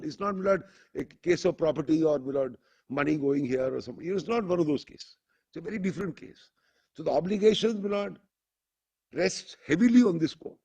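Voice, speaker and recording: A man's voice: fairly high pitch, mellow, breathy edge, muffled recording. A man with an Indian English accent arguing before a court, formally calling the judges "my lord" at nearly every turn and reading passages aloud from a judgment. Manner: formal, addresses the bench as "my lord" constantly. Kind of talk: courtroom argument.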